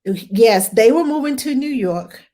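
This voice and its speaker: A woman's voice: on the high side, expressive, measured pace, mellow. A woman who is a career nanny, chatting casually and telling stories, acting out the voices of the people she quotes and laughing often. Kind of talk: casual conversation, storytelling.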